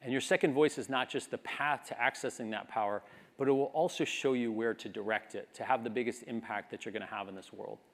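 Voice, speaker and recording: Speaking fast in a mid-range voice, a man in his 50s gives a graduation address, thoughtful and sincere, that climbs toward a stirring call to action.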